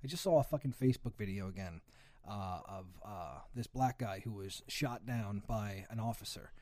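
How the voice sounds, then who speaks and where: A man's voice: lowish voice, normal speed, darkish tone, dry recording, clean studio sound. A young man ranting heatedly with lots of swearing in a casual chat.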